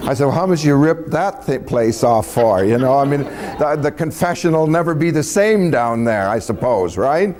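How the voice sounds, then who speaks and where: A man's voice: fairly high pitch, expressive, moderate pace, a little mellow, some chatter behind, slight background noise. A man telling a personal story in a folksy, casual way, chuckling and acting out the dialogue as he goes.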